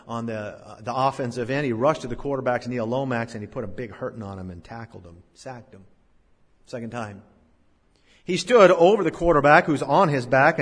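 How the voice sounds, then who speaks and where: A middle-aged male pastor preaching a sermon, swinging between loud emphasis and hushed drops. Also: mid-range voice, breathy edge. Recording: long hall reverb.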